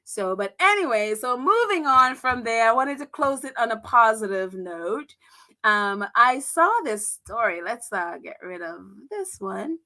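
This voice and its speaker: A woman's voice: on the high side, expressive, measured pace, sharp tone. A woman hosting a casual livestream, chatty, with frequent laughter and filler words. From United States. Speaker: livestream host.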